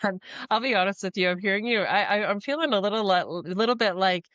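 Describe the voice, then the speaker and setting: A woman hosts a farm business podcast in a frank, chatty way, laughing at her own old mistakes. Her voice sits at a middle pitch and is recorded dry and close, with no room echo. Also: fast talker, a bit bright, lo-fi sound. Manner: frank, chatty, self-deprecating. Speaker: podcast host, former farmer. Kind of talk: casual podcast interview.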